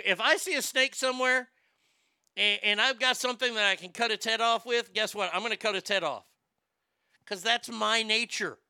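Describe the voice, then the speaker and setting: A man's voice: very high voice, pushed and bright, clear, resonant tone, no room sound. A man hosting a show, ranting comedically and sarcastically, often stammering and repeating words. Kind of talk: comedic rant.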